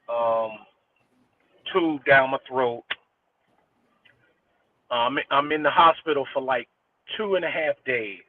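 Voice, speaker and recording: A middle-aged man, a guest DJ, telling a personal story in an earnest, rambling way with frequent restarts. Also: mid-range voice. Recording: tinny phone line with faint noise.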